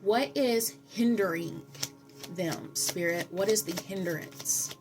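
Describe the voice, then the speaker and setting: A woman giving a spiritual tarot reading, earnest and preachy, telling stories with dramatic pauses and repeating affirmations. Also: medium pitch, music in the background. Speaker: tarot reader.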